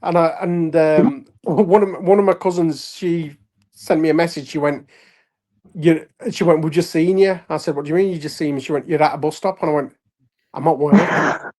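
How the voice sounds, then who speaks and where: A man from Leeds with a Yorkshire accent, a wrestler and actor telling animated anecdotes with laughs in a casual interview. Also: on the high side, normal speed. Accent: Yorkshire English. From Leeds, England. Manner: animated anecdotes with frequent laughs and acted-out quotes. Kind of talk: casual storytelling chat.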